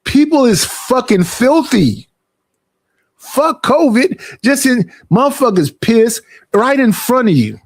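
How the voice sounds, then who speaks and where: A young man, streaming a casual, profane, animated rant about personal space and family gatherings. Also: very high voice, slow pace, no echo.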